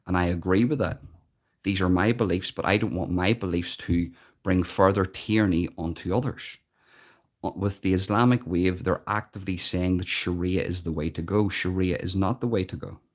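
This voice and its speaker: An Irish man hosts a live stream, offering earnest, emphatic commentary and often repeating words as he thinks. His low voice has fairly even intonation at normal speed, picked up by a built-in device mic rather than an external one.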